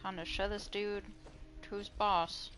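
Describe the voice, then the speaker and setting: A woman streams a game with casual, excitable commentary, swearing freely and laughing often. Her voice is bright and sharp at a middle pitch. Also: takes it slowly, faint music behind.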